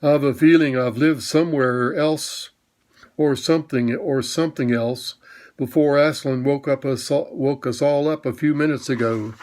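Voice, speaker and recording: A man voicing a gentle talking horse who speaks slowly and thoughtfully, as if half remembering a dream. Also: medium pitch, close to an everyday voice. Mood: musing. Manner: slow, thoughtful, muddled. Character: slow, gentle old cab horse.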